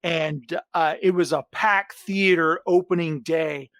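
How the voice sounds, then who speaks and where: A man's voice: fairly high pitch, takes it slowly, no echo. A man hosting a podcast, chatting casually and telling stories with enthusiasm. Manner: enthusiastic, animated storytelling. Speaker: podcast host. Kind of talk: casual chat.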